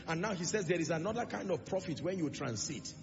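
Male preacher, high and gravelly, emphatic sermon delivery, echoing church hall with music underneath, dull lo-fi sound. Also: animated, fairly quick. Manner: emphatic preaching with rhetorical questions. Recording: reverberant lo-fi hall recording with music.

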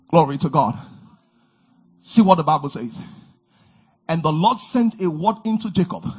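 A male preacher delivering a fervent sermon, repeating lines and swinging between shouted declarations and low murmurs. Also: husky, highs cut off.

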